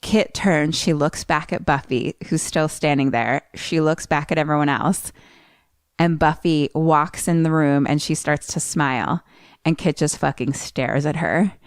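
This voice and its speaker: A woman's voice: deep voice, measured pace, no echo, clean studio sound. A woman co-hosting a podcast, telling a movie plot in casual chat and acting out the characters' lines with swearing. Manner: animated retelling with acted-out quotes and swearing. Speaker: podcast co-host.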